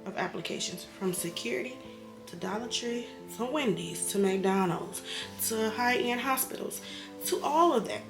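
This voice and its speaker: A woman's voice: mid-range voice, expressive, moderate pace, echoey room, music in the background. A woman, a bit tipsy, talking candidly and emotionally in a personal vlog about hard times, rambling and sometimes getting heated. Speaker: vlogger, single mother.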